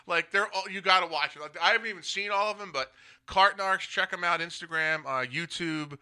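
A man's voice: high voice, a little fast, bright, forceful tone. A male podcast host in casual chat, blunt and ranting, swearing freely. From Philadelphia area. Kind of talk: casual talk show chat.

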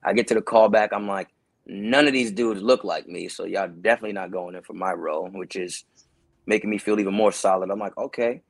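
A man's voice: low voice, fairly quick, creaky, dry recording. A man from Brooklyn, telling casual, slangy stories as an actor guest. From Brooklyn, New York. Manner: animated, slangy, acts out voices. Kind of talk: casual storytelling.

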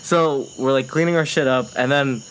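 A man's voice: mid-range voice, fairly even intonation, moderate pace. A young man telling a long, swear-filled story in casual chat, often laughing and acting out what people said. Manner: laughs often, heavy swearing, acts out quotes. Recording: faint background noise.

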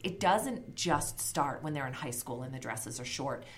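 A woman's voice: rumbling low, expressive, measured pace. A woman in her thirties co-hosting a podcast in casual chat, blunt and swearing freely. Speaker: podcast co-host.

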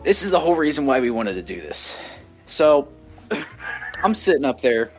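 A man's voice: mid-range voice, sing-song, moderate pace, soft background music. A young man co-hosting a podcast, telling a story in casual chat, rambling with many restarts. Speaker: podcast co-host.

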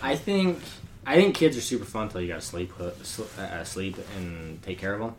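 Low and animated, his voice moves briskly as he co-hosts a podcast. He's a young man keeping the chat laid-back and full of slang, laughing a lot.

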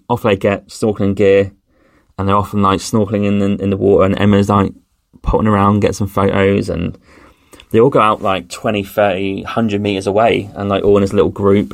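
Man, low voice, casual rambling travel story, dry recording. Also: gravelly, no echo. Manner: rambling, with many fillers and restarts. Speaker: podcast host.

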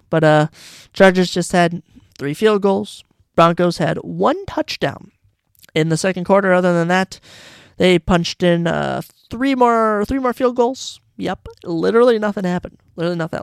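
Gravelly-voiced man grumbling through a sports recap. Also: high-pitched, no room sound, clean studio sound. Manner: rambling, grumbling and sarcastic. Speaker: podcast host. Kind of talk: solo sports podcast recap.

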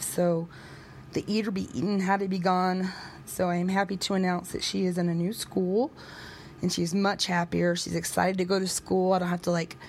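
A woman's voice: fairly low pitch, gravelly, a little mellow, a little hiss or hum. A woman in her thirties talking casually to her viewers on a vlog, rambling and hesitant, with lots of fillers and restarts. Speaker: vlogger.

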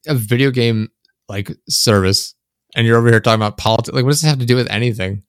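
A young man chatting casually on a podcast, rambling and animated, swearing often, close to his microphone. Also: medium pitch, rapid-fire, dry recording. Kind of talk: casual chat. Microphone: close desk microphone.

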